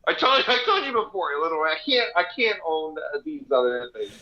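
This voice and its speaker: A man's voice: on the high side, sing-song, brisk, muffled recording. A man co-hosting a podcast, chatting casually, laughing often and acting out quoted voices. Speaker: podcast co-host.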